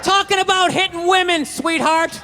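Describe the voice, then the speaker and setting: A man's voice: extremely high pitch, steady tone, normal speed, noisy background. A man doing a stand-up comedy set on stage in front of a live audience, telling a profane story that builds into ranting outbursts.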